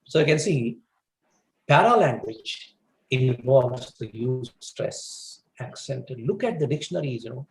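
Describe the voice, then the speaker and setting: A man lectures to a webinar audience in a mid-range voice. His delivery is animated, with wide swings in pitch and frequent fillers. The room around him rings with noticeable echo. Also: a little slow, creaky. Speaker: guest speaker on English communication.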